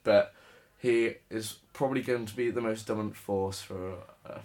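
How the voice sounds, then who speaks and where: On the low side, with fairly even intonation, a darkish tone and normal speed, this young English podcast co-host chats casually. Serving as sports correspondent, he's relaxed and self-deprecating, laughing often as he covers sport and music.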